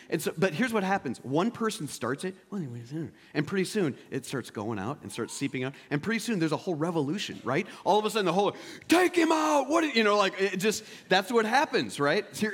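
A man preaching a sermon as pastor, swinging between loud emphatic peaks and quiet, intimate asides. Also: on the high side, breathy edge.

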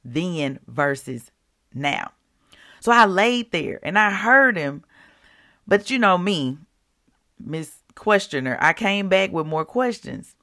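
A woman hosting a devotional podcast, talking conversationally to her listeners and reading scripture slowly and deliberately. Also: medium pitch, expressive, bright, forceful tone.

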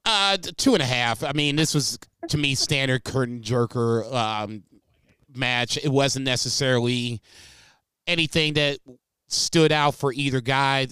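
A man co-hosting a casual podcast, giving relaxed, rambling opinions. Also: medium pitch, a little slow, smooth, no echo, studio quality. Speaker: podcast co-host.

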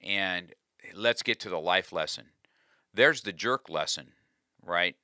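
In an earnest, confessional tone, a man tells a personal story that carries a life lesson, often starting his sentences over. His voice is deep and sharp, he speaks slowly, and the studio-quality recording has no echo.

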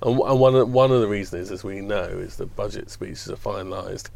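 A man's voice: low voice, a little fast, gravelly, a little mellow. A man on a news podcast panel, giving wry, sardonic commentary in casual discussion. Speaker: education journalist on panel.

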